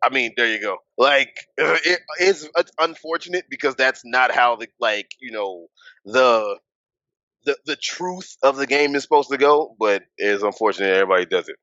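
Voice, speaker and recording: A man co-hosting a wrestling podcast, talking in a casual, animated way and swearing, with his voice jumping high when he gets worked up. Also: normal speed, dry recording, dull audio. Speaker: podcast co-host. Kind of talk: casual wrestling recap chat.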